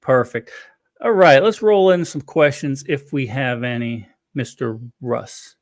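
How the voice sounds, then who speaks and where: A man's voice: mid-range voice, a little slow, dry recording, clean studio sound. A man in his forties from Florida hosting a podcast in casual chat, easygoing and rambling, often laughing. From Florida, USA. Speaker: podcast host.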